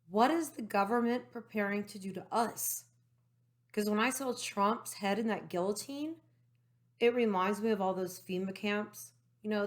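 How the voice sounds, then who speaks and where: A woman talking to camera from her room at home, excited and rambling, with lots of fillers and side remarks. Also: medium pitch. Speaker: political vlogger. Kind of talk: casual monologue to camera.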